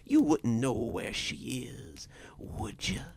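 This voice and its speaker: A man voicing a tall, inhuman male creature who makes deals, speaking in a hushed, creeping whisper. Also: mid-range voice, huge pitch swings, takes it slowly, creaky, full character voice. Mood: sinister whisper.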